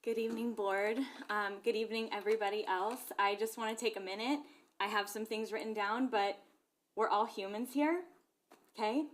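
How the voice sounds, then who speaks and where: A woman's voice: mid-range voice, steady tone, moderate pace. A young woman from Glendora, California, a parent giving an impassioned public comment at a school board meeting. She talks earnestly and keeps checking in with her listeners. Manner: earnest, repeatedly checks in with "okay?".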